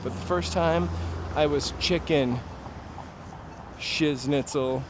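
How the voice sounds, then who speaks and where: Out on a city street at night, a livestream host from New Hampshire walks and chats casually with viewers, drifting through nostalgic stories. He speaks slowly in a voice that's a little high, with street traffic and city ambience behind.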